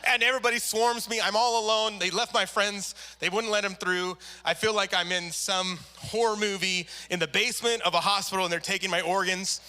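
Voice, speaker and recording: A male pastor tells a personal story in a sermon, animated and expressive. His voice sits high for a man and sounds very bright and forward. He slips into quoted voices as he goes. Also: brisk, few pauses, clear, resonant tone. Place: church service.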